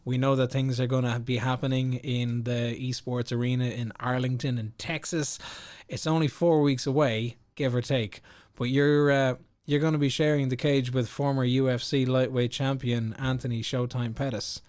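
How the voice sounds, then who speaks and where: A man hosts a sports podcast in a relaxed, talkative way. His voice sits at an everyday middle pitch, and his long questions are filled with ums and uhs. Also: normal speed. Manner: chatty, rambling, many fillers. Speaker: podcast host. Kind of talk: casual interview chat.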